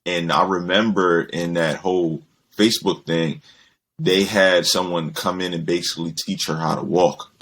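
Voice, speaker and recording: A young man, co-host of a podcast, chatting casually and telling animated stories with lots of swearing. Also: sits low, moderate pace. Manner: animated storyteller, mimics people in quotes, swears freely. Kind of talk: casual chat.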